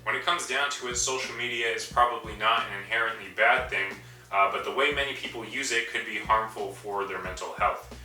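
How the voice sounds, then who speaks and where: A man's voice: lowish voice, brisk, pushed and bright. A young man, a student, giving a class presentation in a tongue-in-cheek news-reporter manner with dry asides. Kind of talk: school presentation in a mock news-reporter persona. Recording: echoey room, distant mic, faint music.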